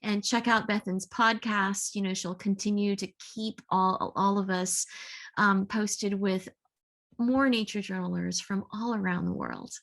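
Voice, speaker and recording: A woman giving closing thanks to an online workshop over a video call, pausing often to find her words. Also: medium pitch, fairly even intonation, gravelly. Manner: warm thanks with frequent hesitations. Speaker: workshop presenter.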